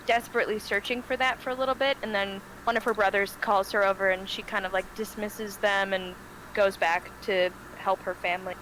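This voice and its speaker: A woman's voice: mid-range voice, fairly even intonation, a little fast, a bit bright, a little hiss or hum, poor audio. A woman playing a tabletop game, describing her character in a chatty way full of fillers. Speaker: player. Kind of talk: casual tabletop play.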